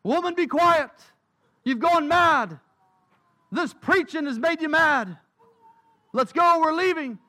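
A man's voice: very high-pitched, takes it slowly, pauses often, sharp tone, exaggerated voice. A man voicing a stern, angry husband from long ago, speaking in curt commands.

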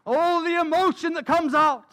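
A man's voice: extremely high pitch, fairly even intonation, moderate pace, fairly bright tone. A man preaching a sermon, telling stories emphatically and repeating key phrases. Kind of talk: sermon storytelling.

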